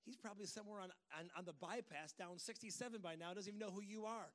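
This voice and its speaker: A middle-aged man delivers a sermon as a pastor, chatty and emphatic, slipping into folksy asides. His voice sits a little higher than most men's. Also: lively intonation, fast talker, fairly bright tone. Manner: conversational, emphatic, with folksy asides and quoted inner dialogue.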